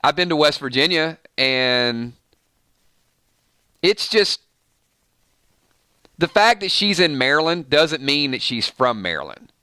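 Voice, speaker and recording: A man with a Southern Georgia accent chats loosely with his viewers as a live-stream host, chuckling often. His voice is bright and forward, with a smooth, clean tone. The sound is close and dry, with no room around it. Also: fairly high pitch, big pitch swings, slow pace, long pauses, no echo. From Georgia, USA. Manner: easygoing, chuckles often, folksy. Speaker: show host reading viewer chat. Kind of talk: casual live-stream chat.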